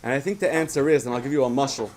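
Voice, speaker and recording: Speaking at a racing pace in a medium-pitched voice, a man at a children's program gives an animated storytelling lesson, asking the kids questions along the way. Background noise is audible.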